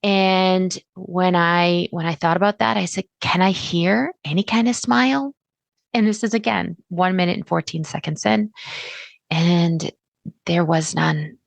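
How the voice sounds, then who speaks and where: A middle-aged woman hosting a solo podcast, chatty and animated, acting out her listeners' words. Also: on the low side, unhurried, creaky, no echo. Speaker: podcast host.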